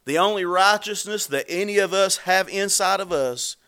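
A man preaching a sermon in a high, bright voice. He talks in a folksy, conversational way, full of asides and repeated phrases. When he acts out the scripture, he pushes his voice up. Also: normal speed, clear, resonant tone. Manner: rises in pitch and volume when dramatizing scripture.

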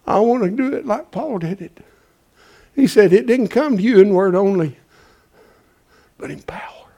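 A man preaching a folksy sermon, calling out to his congregation and swinging from loud to hushed. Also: high voice, normal speed.

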